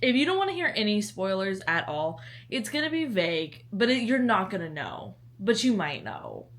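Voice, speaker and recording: A woman's voice: medium pitch, sing-song, normal speed, fairly bright tone. A young woman from the American South with a Southern accent, chatting casually in a book vlog, bubbly and dramatic, swinging into laughter. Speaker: book vlogger.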